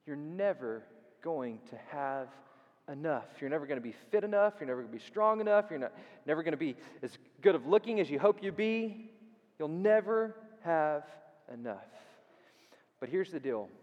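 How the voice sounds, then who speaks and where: High-voiced man preaching in a reverberant church. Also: expressive, highs cut off. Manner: dynamic preaching that swings from loud and quick to hushed, drawn-out emphasis; repeats phrases for emphasis and asks the audience questions. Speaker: pastor. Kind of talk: sermon. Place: church sanctuary. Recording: long reverb in a church hall.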